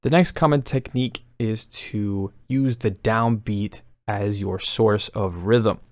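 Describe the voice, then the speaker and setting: A man explaining melody writing techniques in a calm, instructional way, counting beats aloud. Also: on the low side, slow pace, no room sound. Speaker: music composition teacher.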